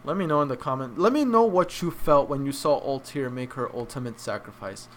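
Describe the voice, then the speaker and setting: A young man hosting an anime review, choked up and crying, talking in a heartfelt, halting way with many restarts. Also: mid-range voice, expressive, fairly bright tone, a little hiss or hum. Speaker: anime reaction channel host. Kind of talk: emotional casual review.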